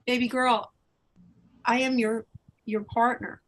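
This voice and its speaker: A woman channeling a tender, soft-spoken mother in spirit. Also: a little high, level tone, takes it slowly, rough recording. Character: loving departed mother speaking from spirit.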